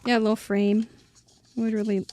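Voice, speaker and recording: A woman's voice: mid-range voice, little pitch movement, normal speed, mellow, a little hiss or hum. A woman hosting a live crafting show, chatting casually while she works and laughing often. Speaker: host.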